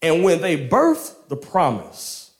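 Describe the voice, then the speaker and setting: A man preaching a casual storytelling sermon, slangy and animated, laughing often. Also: fairly high pitch, slow pace.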